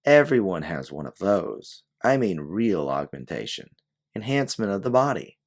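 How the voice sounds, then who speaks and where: A man's voice: low-pitched, big pitch swings, normal speed, voice pushed up. A man voicing a secretive, wealthy woman client who sounds anxious and pleading as she tries to hire a detective. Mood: haughty. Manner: anxious, pleading, slipping accent.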